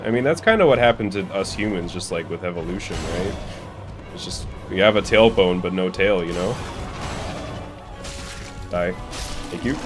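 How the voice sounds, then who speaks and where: A young man streaming a speedrun, talking casually over his gameplay, swearing and laughing at his own mistakes. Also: low voice. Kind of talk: casual live gameplay commentary.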